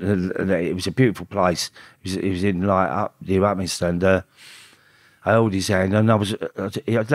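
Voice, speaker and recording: Low-voiced middle-aged man, halting. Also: dry recording, studio quality. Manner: halting, full of restarts and repeated words. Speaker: guest. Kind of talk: emotional personal storytelling.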